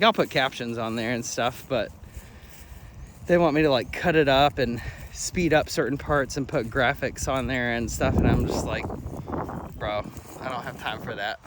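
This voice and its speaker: A man working as a dog trainer, talking casually through a training walk outdoors on a trail and breaking into high sing-song praise for the dog. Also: a little hiss or hum. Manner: laid-back, chatty, laughs often. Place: outdoors on a wooded trail near a creek.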